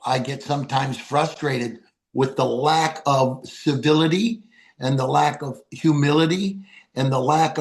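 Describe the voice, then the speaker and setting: A man's voice: mid-range voice, creaky. An older man, a podcast guest, telling folksy, heartfelt stories and reciting poems. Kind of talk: storytelling interview.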